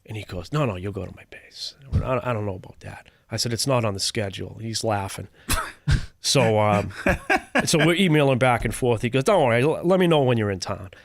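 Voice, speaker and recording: A man's voice: on the low side, lively intonation, a little fast, vocal fry, no room sound, studio quality. A man, a comedian, telling stories casually and acting out other people's lines in shifting voices. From Cambridge, Massachusetts. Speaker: comedian guest. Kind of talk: casual storytelling.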